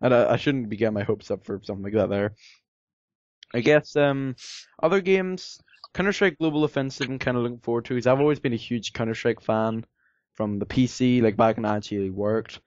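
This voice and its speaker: A man's voice: medium pitch, a little fast, darkish tone, no echo, lo-fi sound. A man chatting casually as a podcast co-host, rambling with lots of fillers and some sarcasm. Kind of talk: casual chat.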